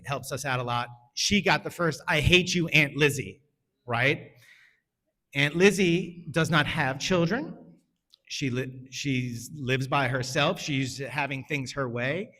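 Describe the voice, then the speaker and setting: A man's voice: a little high, a bit bright. A man in his forties, a school principal, speaking conversationally at a town hall for parents, checking in with "right?" and telling family stories. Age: 40s. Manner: conversational, often asks "right?", tells family stories with quoted voices. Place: school meeting room.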